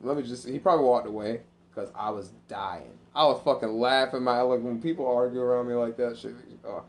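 A man on a podcast telling crude stories in casual chat, often jumping into high mocking voices to act out others. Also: steady tone, fairly quick. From Sicilian and Irish family background.

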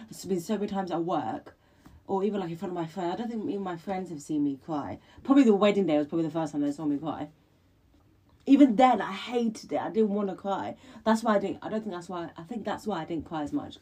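A woman co-hosting a podcast, talking in a fast, rambling way and breaking into awkward giggles. Her voice is low for a woman and somewhat husky. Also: dark tone. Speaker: podcast co-host. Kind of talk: casual chat.

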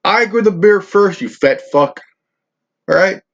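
A man's voice: high voice, expressive, a little slow, fairly bright tone. A man hosting his own channel, ranting profanely in a rambling, stammering way. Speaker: channel host. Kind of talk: ranting vlog. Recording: dull lo-fi recording.

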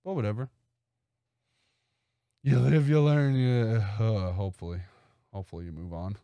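A young man hosting his own podcast, rambling through a comic story in a relaxed, joking way. His voice is mellow, and the sound is dry and close on the mic. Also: lowish voice, normal speed, clear, resonant tone, no echo. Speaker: podcast host. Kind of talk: casual comedic monologue.

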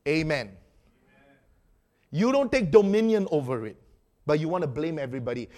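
Man, pastor, evening sermon, animated preaching, fairly high voice, sudden loud bursts. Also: moderate pace, pauses often.

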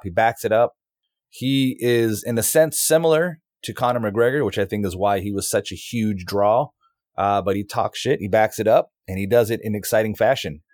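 A man's voice: fairly low pitch, a little mellow, no room sound, studio quality. A man co-hosting a casual sports podcast, giving blunt, confident opinions in short sentences. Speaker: podcast co-host.

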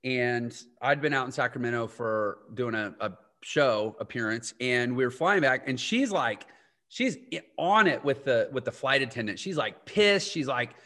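A man's voice: mid-range voice, animated, moderate pace, pushed and bright. A man hosting a podcast interview, telling rambling anecdotes with frequent self-interruptions. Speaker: podcast host. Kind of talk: casual conversational interview.

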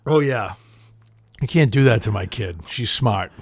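A middle-aged man chatting casually as a co-host, telling stories haltingly with lots of fillers and swearing. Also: fairly low pitch, lively intonation, breathy edge, no echo, clean studio sound. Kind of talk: casual chat.

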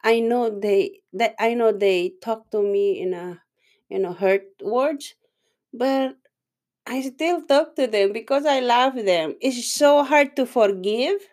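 A woman with a Filipino accent whose first language is Tagalog, chatting casually and emotionally with halting phrasing and frequent laughs. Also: fairly high pitch, a little mellow. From Philippines. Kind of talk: casual chat.

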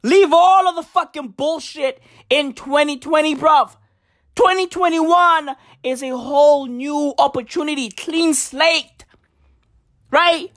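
High, dry-voiced woman ranting profanely. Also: slow, no room sound. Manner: swearing, loud outbursts, slangy "bruv" and "fam"; big jumps in pitch, shouting emphasis. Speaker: comedic vlogger. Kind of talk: profane comedic rant to camera.

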